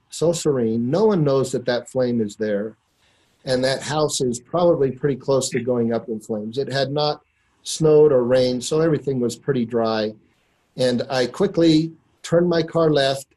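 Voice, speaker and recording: A middle-aged man recounting a personal story to a listener, earnest and unhurried, with many pauses and fillers. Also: mid-range voice, a little mellow, low-quality recording. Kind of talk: personal anecdote told to a listener.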